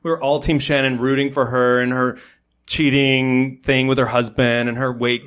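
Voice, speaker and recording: Guy guest on a podcast just chatting, tells it animated, acts out the quotes, ordinary middle pitch. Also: normal speed, clean tone. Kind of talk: casual chat.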